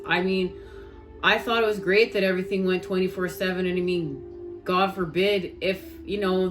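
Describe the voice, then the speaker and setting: A woman with a Canadian accent speaks in a slightly low voice, talking casually and earnestly to her viewers about spiritual matters. She repeats herself for emphasis and keeps calling them guys. Soft music sits faintly behind her. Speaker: spiritual tarot reader.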